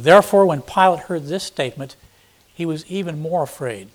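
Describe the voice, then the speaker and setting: A man delivers an expository sermon, reading a passage and then explaining it in blunt, everyday words. He acts out the quoted speakers with sudden bursts of volume. His voice sits a little higher than most men's. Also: moderate pace. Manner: reads scripture then explains in plain, blunt paraphrase; dramatic, acting out quoted speakers with sudden loud emphasis. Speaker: preacher.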